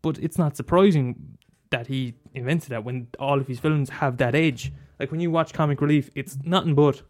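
A man talking casually and passionately about films, swearing freely and jumping up into high exclaims. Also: moderate pace, darkish tone. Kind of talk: casual film chat.

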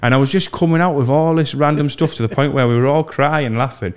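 A young man hosting a casual podcast, telling animated stories and mimicking voices. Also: fairly high pitch, quick pace, smooth. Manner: animated storyteller, mimics voices in his anecdotes. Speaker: podcast host. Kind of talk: casual chat, storytelling.

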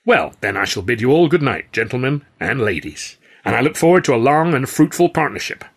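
A man's voice: mid-range voice, sing-song, a little fast, husky. A man voicing a powerful, menacing male city boss who speaks with false courtesy and veiled threats. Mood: threatening.

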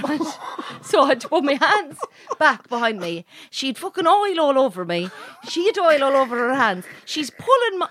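An Irish woman from Mayo spins a comic tale, her voice leaping up and down as she tells it. She sits somewhat high for a woman and swears and laughs her way through the story. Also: very animated, normal speed, a bit bright. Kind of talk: casual comic anecdote.

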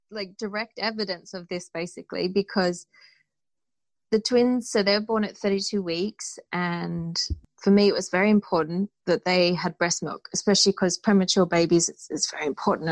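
A woman, a guest in a conversational interview, speaks earnestly and tells her story with animation. Her voice sits at a middle pitch. The recording is dry and close, with no room sound. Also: dry recording, poor audio.

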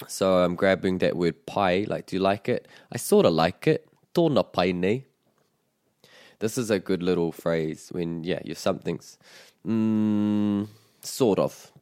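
A man teaching Māori phrases in a relaxed conversational lesson, modelling each phrase with lively intonation. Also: deep voice, measured pace, dry recording, studio quality. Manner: explains phrases, models them with expressive intonation.

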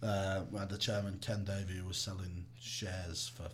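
A man co-hosting a comedy podcast in casual chat, swearing often and jumping between quiet asides and loud bursts. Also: sits low, little pitch movement, normal speed. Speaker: podcast co-host.

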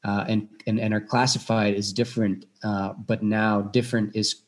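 A man talking as an actor guest in a casual podcast chat, animated, with frequent restarts and fillers. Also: fairly low pitch, moderate pace. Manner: animated, many restarts and fillers, jumps into quoted voices.

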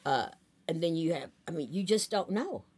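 A woman's voice: lowish voice, expressive, normal speed, darkish tone, husky. A woman, telling rambling anecdotes in a casual interview, full of fillers. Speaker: talent agent, guest.

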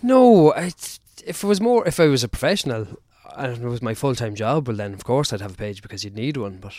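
A man's voice: medium pitch, expressive, fairly quick, mellow, dry recording, studio quality. A man, a guest on a casual podcast, talking in a hesitant, self-deprecating way and often repeating himself. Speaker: podcast guest, endurance athlete.

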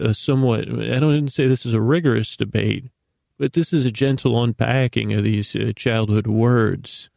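Creaky rambling man, flat and dry. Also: mid-range voice, no room sound. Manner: meandering, self-deprecating, stumbles and repeats words. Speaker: podcast host. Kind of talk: rambling bedtime monologue.

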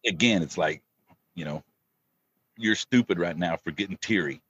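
A man's voice: low-pitched, moderate pace, a bit bright, husky. A man chatting casually as a podcast guest, emotional and rambling, cursing freely. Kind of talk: casual chat. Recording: dull lo-fi remote line.

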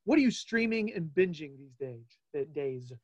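A man in his forties hosting a casual interview, playful and chatty, with quick asides. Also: fairly high pitch, lively intonation, lo-fi sound. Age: 40s. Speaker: podcast host.

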